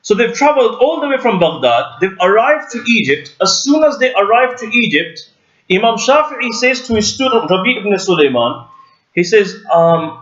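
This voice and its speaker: A high-voiced man tells a story to a mosque gathering, stopping to quiz his listeners and voicing each speaker's lines. The room sounds echoey. The recording sounds dull and muffled. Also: lively intonation, moderate pace, a bit bright. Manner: asks the audience questions, retells with quoted dialogue. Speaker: mufti giving a mosque talk. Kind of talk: storytelling religious lecture. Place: mosque hall.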